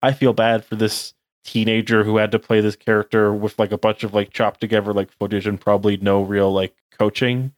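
A man's voice: on the low side, little pitch movement, a little fast, few pauses, dry recording, studio quality. A young man co-hosting a casual podcast chat, rambling with lots of "like". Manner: rambling, heavy use of "like". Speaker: podcast co-host.

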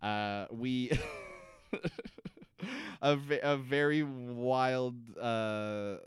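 A man's voice: medium pitch, animated, extremely slow, clear, resonant tone, no echo, clean studio sound. A man co-hosting a podcast, casually recapping a TV episode and acting out the characters in goofy voices. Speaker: podcast co-host.

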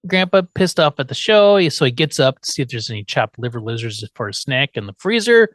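A man's voice: medium pitch, a little fast, no echo. A man hosting a podcast, recapping a TV episode in casual chat with wry asides. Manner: animated, wry asides, laughs often. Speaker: podcast host.

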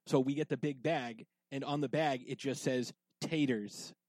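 A man co-hosts a casual podcast in a mid-pitched voice, rambling along with plenty of fillers and restarts. He has a whiskey in hand as he talks. The sound is dry and close, with no room echo. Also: steady tone, normal speed, darkish tone. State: drinking whiskey while talking. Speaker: podcast co-host.

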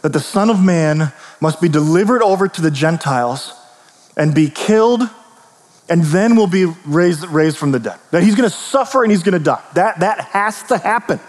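A man preaching a sermon as pastor, casual and storytelling, tossing in quick asides and questions to the listeners. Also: high voice, lively intonation, a little mellow. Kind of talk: conversational sermon. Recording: long reverb of a large hall.

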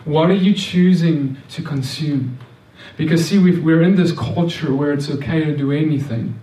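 A man delivers a sermon in an earnest, repeating manner, often stumbling and restarting. His voice is mellow and sits a little high. He sounds set back from the microphone in an echoey room. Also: moderate pace, recorded from a distance. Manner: earnest, repetitive, with many restarts and stammered words. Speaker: preacher.

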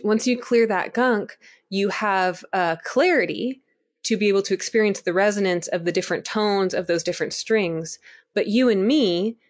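A woman co-hosting a casual spiritual chat, animated and rambling, often laughing and asking listeners to bear with her. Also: medium pitch.

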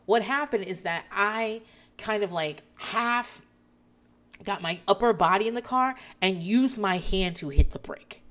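A woman in her thirties tells a story from her own morning in casual vlog chat. She talks in an animated way, swears freely and laughs as she goes, with her voice rising high when she gets worked up. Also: a little slow, slight background noise. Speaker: mother of four telling a story.

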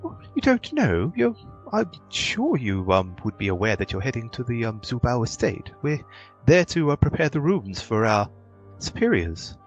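A man voicing an old motherly halfling woman servant, kindly and resigned, with a creaky voice. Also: mid-range voice, sing-song, moderate pace, muffled recording, faint music behind, voice pushed up, natural voice.

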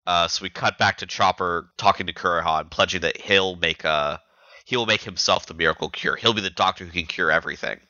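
Deep bright-toned man recapping chapters. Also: a little fast, no echo, dull audio. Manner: rambling, lots of fillers and restarts. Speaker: podcast co-host. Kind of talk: casual chat recapping chapters.

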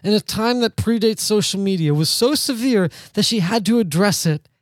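A man's voice: sits high, moderate pace, no echo. Sardonic rambling male podcast host. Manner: sardonic, rambling, laughs often. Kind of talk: casual podcast chat.

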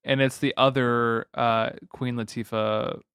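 Smooth-voiced man, chuckling podcast co-host. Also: mid-range voice, little pitch movement, a little slow, fairly bright tone, no echo, clean studio sound. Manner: chuckling, reads plot notes aloud. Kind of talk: casual movie recap chat.

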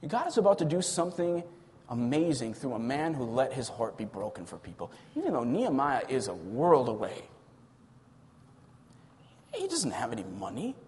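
A man's voice: mid-range voice, very animated, fairly quick, a little mellow, slight background noise. Impassioned male pastor in a reverberant hall. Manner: impassioned preaching with dramatic swells and drops. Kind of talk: sermon.

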